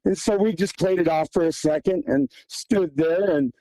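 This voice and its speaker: A man's voice: fairly high pitch, normal speed, dark tone, low-quality recording. A man, a hunter and guest, telling a tense hunting story in casual, vivid detail. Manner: tense, vivid retelling with quoted dialogue. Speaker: guest hunter recounting an encounter.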